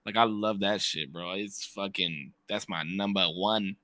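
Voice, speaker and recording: A man co-hosting a casual podcast, excitable and emphatic, swearing and repeating himself for effect. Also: low-pitched, a little slow, no echo. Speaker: podcast co-host.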